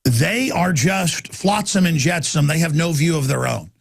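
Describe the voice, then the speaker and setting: A man hosting a talk radio show, ranting in a loud, aggressive, rapid-fire way. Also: fairly high pitch, expressive, creaky, husky.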